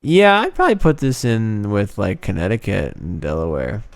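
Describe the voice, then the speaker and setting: A man's voice: fairly low pitch, very animated, moderate pace, creaky. A young man in casual chat, rambling with crude slang. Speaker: podcast co-host.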